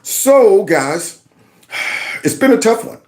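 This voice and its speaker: A man's voice: high voice, sing-song, slow. A man hosting his own channel, reacting to news clips with mocking, sarcastic commentary and talking back to what he plays. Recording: roomy echo.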